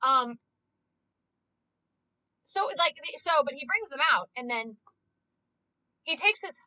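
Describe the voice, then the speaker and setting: A woman's voice: high-pitched, slow, dry recording, poor audio. A woman streamer chatting casually and passionately, ranting with lots of swearing and "like". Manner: excitable, swears a lot, heavy use of "like". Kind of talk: casual live-stream chat.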